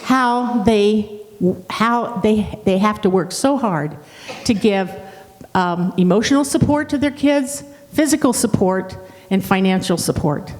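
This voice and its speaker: A woman pastor giving a reflective church talk, speaking haltingly with restarts. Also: medium pitch, lively intonation, a little mellow, in a large hall. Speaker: guest pastor.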